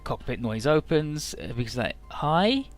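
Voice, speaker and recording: A man's voice: medium pitch, expressive, a little slow, a bit bright, faint music behind. A man hosting a let's play, casually retelling game dialogue in a rambling, offhand way.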